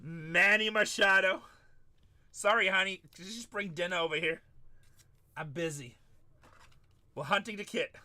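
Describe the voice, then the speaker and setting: A man hosts a live card break stream, calling out each player as it comes and chatting with viewers between pulls. His voice sits high and sounds very bright and forceful. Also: measured pace, pauses often. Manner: hyped, calls out pulls and chats with viewers.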